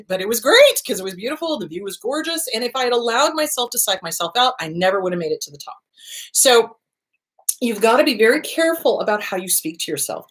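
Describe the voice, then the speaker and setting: Animated, lively-voiced woman therapist. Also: mid-range voice. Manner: animated, acts out voices and gasps for emphasis. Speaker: therapist and show host. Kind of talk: casual advice talk.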